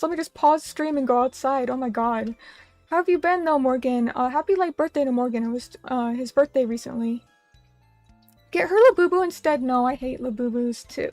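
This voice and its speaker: Her voice sits high and moves at normal speed, recorded without echo over faint music. She's a young vtuber streamer at a little table in a small room, casually chatting and reading viewer comments in a rambling, self-deprecating manner.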